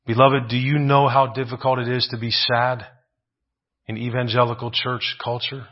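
A man's voice: medium pitch, little pitch movement, normal speed, dull audio. A man preaching a sermon, asking rhetorical questions, often adding "right?" and repeating phrases for emphasis.

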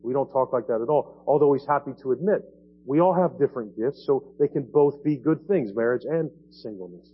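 A man's voice: mid-range voice, fairly quick, husky, phone-quality sound. A man preaching a sermon in a conversational way, often asking his listeners "right?" as he explains the passage. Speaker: pastor. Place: church sanctuary.

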